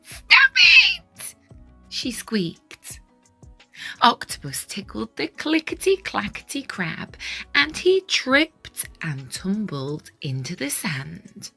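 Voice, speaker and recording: A woman reading a children's picture book aloud in an expressive, sing-song storytelling manner, sometimes dropping into whispered asides. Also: mid-range voice, takes it slowly, vocal fry, husky, faint music behind.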